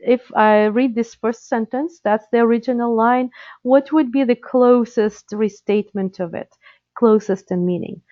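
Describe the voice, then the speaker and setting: A woman's voice: fairly high pitch, no room sound, lo-fi sound. A woman whose first language is Russian, presenting a live training webinar for interpreters, explaining skills practically with frequent fillers and restarts.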